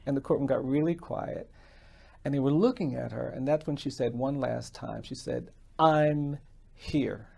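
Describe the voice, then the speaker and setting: A man as a podcast guest, telling a story in a quiet, measured way. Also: medium pitch, creaky, breathy edge. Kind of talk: storytelling in a conversation.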